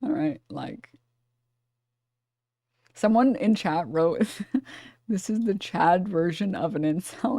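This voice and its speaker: Wry woman, lowish voice, dry sound. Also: lively intonation, slow pace, vocal fry, long pauses, dark tone, dry recording. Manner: chatty, wry and opinionated. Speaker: streamer reacting to a clip. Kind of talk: casual reaction commentary.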